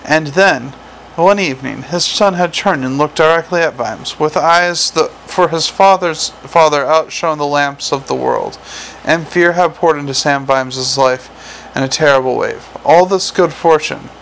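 Male audiobook narrator, somewhat raised pitch, dry wry delivery, faint hiss on the recording. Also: fairly bright tone, low-quality recording.

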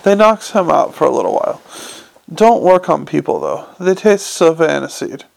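A man's voice: on the high side, lively intonation, moderate pace, rough recording. A man doing a scruffy, ungrammatical corporal. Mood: helpful. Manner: rough, ungrammatical and chatty. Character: scruffy small male corporal, ungrammatical and helpful.

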